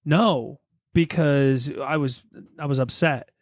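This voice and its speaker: A man's voice: medium pitch, slow, no room sound, clean studio sound. A man in his thirties and a father, hosting a casual podcast, asking questions and laughing easily with playful interjections. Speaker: podcast host. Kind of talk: casual chat.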